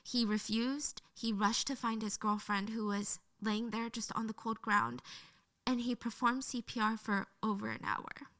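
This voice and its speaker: Bright-voiced woman telling a true story. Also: a little high, fairly even intonation, unhurried. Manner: earnest, emotional retelling. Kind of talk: storytelling narration.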